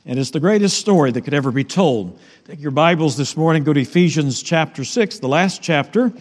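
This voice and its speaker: A man pastor with a fairly high voice preaches a Sunday sermon in a conversational, unhurried way, dropping in fillers and repeated words. His voice carries a long, ringing church reverb. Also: animated. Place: church sanctuary.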